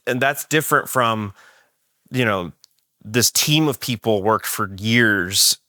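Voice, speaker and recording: Low-voiced man rambling on a podcast. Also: slow, pushed and bright, dry recording, clean studio sound. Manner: rambling, restarts and hedges. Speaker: podcast host. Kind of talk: casual podcast conversation.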